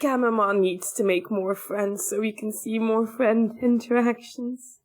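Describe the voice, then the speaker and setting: Co-hosting a casual anime podcast, a woman recaps the episode bluntly and with a touch of exasperation. Her voice sits a little high, with a steady tone and an unhurried pace.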